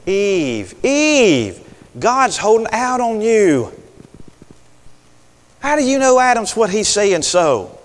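A man's voice: high voice, very animated, slow, long pauses, long reverb tail, voice pushed up, exaggerated voice. A preacher voicing a sly male serpent who coaxes and mocks as he tempts. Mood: coaxing. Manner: coaxing, mocking, insinuating.

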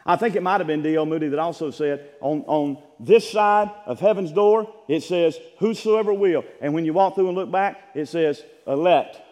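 A man preaching a sermon in an emphatic, repetitive style with bursts of shouting. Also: a little high, moderate pace, hardly any pauses. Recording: church sanctuary with long reverb.

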